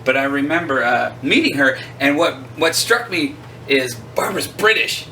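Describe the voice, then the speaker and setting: Middle-aged man, excited collector vlogger, bright voice, a bit off-mic. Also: mid-range voice, normal speed, far from the mic, a little hiss or hum, poor audio. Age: 40s. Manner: enthusiastic, rambling, self-deprecating. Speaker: host showing his collection. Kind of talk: casual chat. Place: home room with arcade cabinets.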